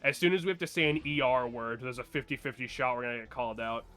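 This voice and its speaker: A man's voice: mid-range voice, fast, pushed and bright, smooth. A young man from New Hampshire with a New Hampshire accent, chatting casually and rambling, swearing and laughing over gameplay. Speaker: let's play co-host.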